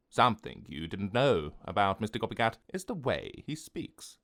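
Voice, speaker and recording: A man narrating a children's animated short in a gentle, expressive storytelling voice. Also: on the low side, normal speed, few pauses.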